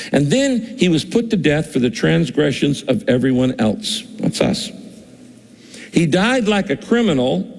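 A man's voice: medium pitch, vocal fry, darkish tone, long reverb tail. A male pastor preaching a conversational sermon, acting out the voices of the people he quotes.

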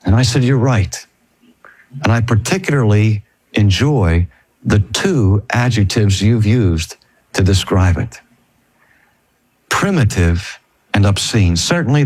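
Male preacher-teacher, animated storyteller, wide-ranging voice, dry close sound. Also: on the low side, no echo. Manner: emphatic, animated storytelling with slowed, stressed phrases. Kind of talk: storytelling sermon.

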